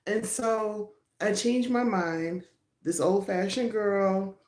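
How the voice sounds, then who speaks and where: Livestream host: middle-aged woman, chatty and rambling, mellow tone, echoey room over a phone mic. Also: mid-range voice, slow. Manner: chatty, rambling, laughs often. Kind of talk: casual live-stream chat with viewers. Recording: roomy echo.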